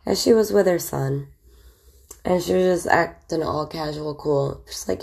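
Woman, 30s, vocal fry, deep voice; relaxed, candid storyteller full of fillers. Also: normal speed. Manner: chatty and candid, with frequent fillers and laughs. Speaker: vlogger. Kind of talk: casual storytelling, recalling childhood.

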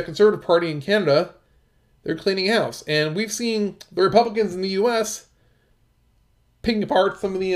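A man commentating on news, reading articles aloud and adding halting remarks with many fillers and restarts. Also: sits high, a little mellow.

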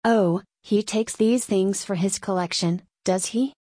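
Large slow gentleman read by a woman, curt and dry-spoken, storybook, dry close recording. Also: mid-range voice, husky, no echo. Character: big, slow, orderly gentleman, easily flustered.

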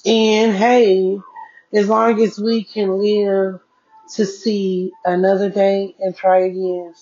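A woman's voice: mid-range voice, flat delivery, slow pace, warm tone, dull audio. A woman hosting a casual blog podcast from her bedroom desk, talking loosely to her listeners as y'all and stretching out key words. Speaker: podcast host.

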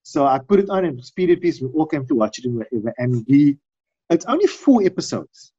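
A middle-aged man in casual chat, telling long rambling stories and acting out quotes in high voices. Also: big pitch swings, fairly quick, mellow, slightly rough, no echo. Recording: dull dry recording.

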